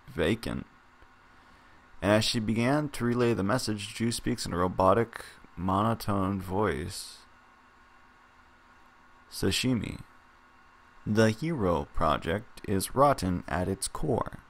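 Lowish man casually reading a story game. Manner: reads narration aloud, breaks off to chat and laugh. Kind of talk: casual game read-through.

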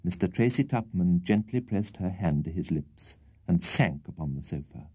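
A man reading a classic children's audiobook aloud in an expressive, theatrical narration. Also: sits low, moderate pace, slightly rough, no room sound. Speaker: audiobook reader. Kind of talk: scripted storybook narration.

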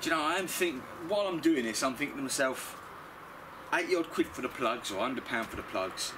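A man's voice: mid-range voice, animated, a little fast, background noise. A middle-aged British man chatting bluntly through a DIY car service, swearing freely as he works. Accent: British English. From Britain. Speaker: DIY car mechanic vlogger. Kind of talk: casual how-to commentary.

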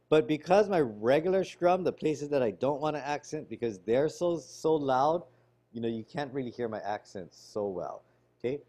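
A man teaching a ukulele lesson over a video call, explaining strumming technique in a relaxed way while he demonstrates. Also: a little high. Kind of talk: online music lesson. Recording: ukulele playing loud behind voice.

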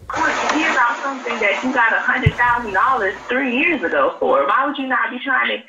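A woman's voice: fairly high pitch, expressive, fairly quick. A woman caller pressing pointed questions on a phone-in show. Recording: muffled clip with faint noise.

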